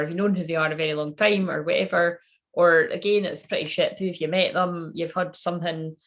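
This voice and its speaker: A woman giving a psychic reading in a casual, rambling monologue. She swears freely and laughs at her own jokes. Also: sits low. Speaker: psychic reader channeling messages.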